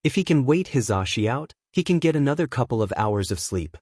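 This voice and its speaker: Male narrator, mid-pitched, dead-dry close recording, steady storybook read. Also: brisk, dry recording. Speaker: fanfiction reader. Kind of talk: scripted narration.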